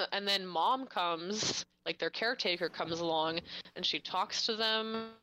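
A woman's voice: lowish voice, measured pace, bright, forceful tone, rough recording. A woman in casual chat, animatedly recapping a story plot for her co-host.

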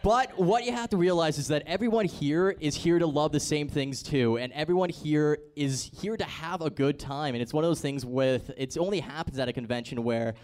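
A young man hosting a casual radio chat at a convention, animated and chatty with a self-deprecating streak. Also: on the high side, normal speed, few pauses. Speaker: radio show host.

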